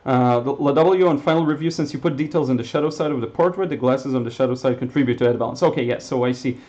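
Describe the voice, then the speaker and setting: A man's voice: mid-range voice, fast talker, dull audio. Chatty man streaming a painting lesson. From Israel. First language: Hebrew. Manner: relaxed and chatty, many fillers, short laughs. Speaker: watercolor painting instructor. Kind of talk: live-stream painting demo, reading chat.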